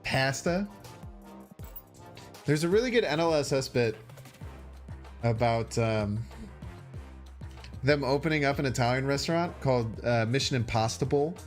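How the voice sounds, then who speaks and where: A man with a Chicago accent chats through a card game on stream, mulling over his plays and answering his viewers as he goes. His voice rises and falls a lot, with soft game music under it. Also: mid-range voice, animated, moderate pace, pauses often. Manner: chatty, thinks aloud and talks to chat. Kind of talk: casual gaming stream commentary.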